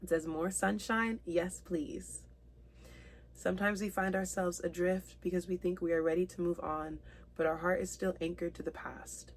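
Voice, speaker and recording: A woman with a somewhat low voice gives a spiritual tarot reading straight to her viewers. She speaks earnestly and with open emotion, slowing down to read each card's meaning aloud. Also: steady tone, slight background noise. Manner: reads card meanings aloud slowly. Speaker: tarot reader.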